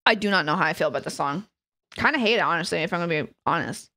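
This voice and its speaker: A woman's voice: fairly low pitch, animated, racing, bright, forceful tone. A young adult woman streamer in casual live chat, laughing often and swearing freely as she reacts to videos.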